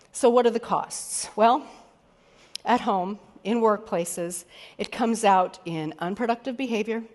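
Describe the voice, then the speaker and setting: Candid woman speaker in a reverberant hall. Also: on the high side. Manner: candid, conversational, casually swearing. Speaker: keynote speaker and executive coach. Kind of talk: motivational keynote talk.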